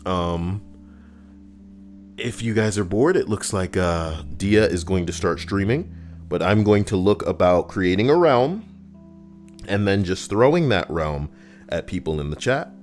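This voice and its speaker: A man's voice: low voice, expressive, measured pace, darkish tone, faint music behind. A man streaming live, chatting casually and joking with viewers, rambling and swearing. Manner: rambling, jokey, swears freely.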